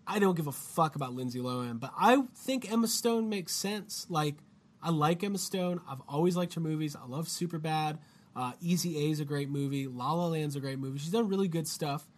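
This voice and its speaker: A man's voice: on the high side, fairly quick. A man hosting a casual podcast chat, loose and joking, swearing freely. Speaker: podcast host.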